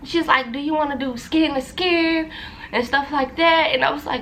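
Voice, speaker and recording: A woman's voice: sits high, moderate pace, a bit bright, slight background noise. A young woman telling a personal story to her viewers in a loose, repetitive, chatty way. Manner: talkative, loose, repeats phrases, addresses viewers as y'all. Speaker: vlogger.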